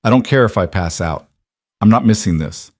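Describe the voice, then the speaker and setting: A man voicing an injured, stubborn and devoted young husband, speaking low, steady and firm. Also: moderate pace, no room sound, studio quality.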